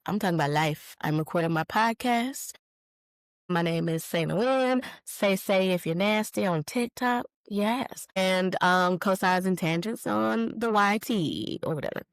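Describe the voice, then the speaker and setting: A woman's voice: lowish voice, moderate pace, no echo, poor audio. Candid woman hosting a podcast. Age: 40s. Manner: candid, animated storytelling with swearing and laughter. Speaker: podcast host. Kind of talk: casual solo podcast, live-streamed.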